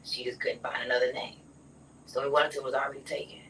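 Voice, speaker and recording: A woman telling a personal story in a casual conversation, often dropping to a soft near whisper. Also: a bass voice, little pitch movement, fast, recorded from a distance, slight background noise, low-quality recording.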